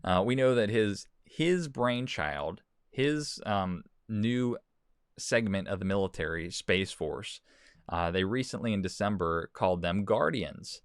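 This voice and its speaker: Low-voiced man in dry commentary. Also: animated, unhurried, smooth, no echo. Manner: casual, repeats words, fillers, reads quotes aloud. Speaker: host. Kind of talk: commentary on news and social posts.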